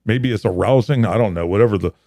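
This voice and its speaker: A man's voice: fairly low pitch, quick pace, gravelly, mellow, dry recording, clean studio sound. A middle-aged man hosting a podcast, rambling and often correcting himself mid-sentence, with casual swearing. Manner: rambling, self-correcting, profane. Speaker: podcast host. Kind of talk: casual chat. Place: studio.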